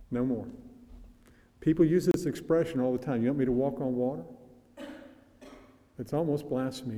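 An older man preaching a sermon in a conversational, musing way, sometimes laughing. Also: mellow. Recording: reverberant hall with faint rumble.

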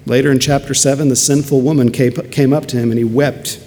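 A man's voice: medium pitch, level tone, a little fast, warm tone, a little hiss or hum. A man preaching a sermon earnestly, building to emphatic peaks. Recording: long hall reverb, faint ambience.

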